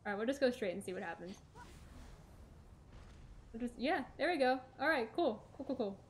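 A woman's voice: on the high side, animated, moderate pace. A woman streaming a video game, giving casual gameplay commentary and talking to herself, swearing when things go wrong.

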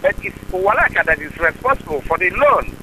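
Nigerian accent guy, super bright sharp voice, kinda high, keeps repeating himself and pushing his point. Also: big pitch swings, slight background noise, rough recording. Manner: insistent, repeats himself, halting broken phrasing. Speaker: caller. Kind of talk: phone conversation.

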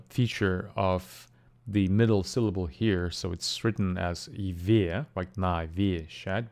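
A man teaching the pronunciation of a word, breaking it into syllables and repeating it slowly and carefully. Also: on the low side, a little mellow. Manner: slow, deliberate syllable-by-syllable demonstrations. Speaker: language teacher. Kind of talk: pronunciation lesson.

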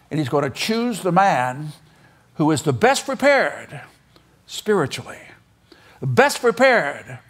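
A man's voice: sits high, fairly bright tone. Older man preaching with folksy stories. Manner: folksy, anecdotal, acts out voices in stories. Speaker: preacher speaking in a seminary chapel. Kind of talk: storytelling sermon. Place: auditorium.

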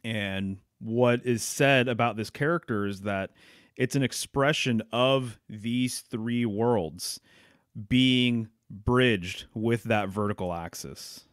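A man's voice: medium pitch, takes it slowly, smooth, no room sound, clean studio sound. A man hosting a podcast in casual, agreeable conversation, full of fillers. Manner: relaxed, agreeable, uses lots of fillers. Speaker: podcast host.

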